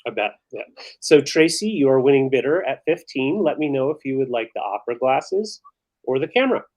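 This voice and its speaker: A man's voice: medium pitch, lively intonation, a little fast, darkish tone, poor audio. A man co-hosting a live vintage sale, easygoing as he counts down and tracks the bidders. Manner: easygoing, runs bids and counts down. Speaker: live sale co-host, auctioneer. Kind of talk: live-stream auction chat.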